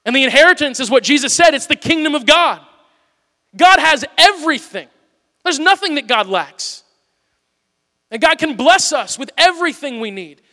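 High, bright-voiced preaching man. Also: expressive, moderate pace, in a large hall. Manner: earnest, swings from loud urging to soft pleading. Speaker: pastor. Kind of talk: sermon. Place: church auditorium.

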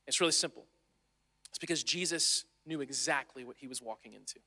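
A man's voice: medium pitch, brisk, sharp tone. A man preaching a sermon in an earnest, conversational way, sometimes restarting his phrases. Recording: long hall reverb.

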